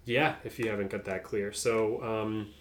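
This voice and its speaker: A man co-hosting a casual podcast, laying out the topic in a relaxed, halting way. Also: fairly low pitch. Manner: relaxed, halting, many fillers. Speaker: podcast co-host presenting the topic.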